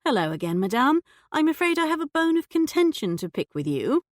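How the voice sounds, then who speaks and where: A woman's voice: high voice, very animated, a little fast, no echo, clean studio sound, voice pushed up. A woman voicing a shrewd young lady detective who questions a suspect with poised, pointed politeness. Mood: pressing.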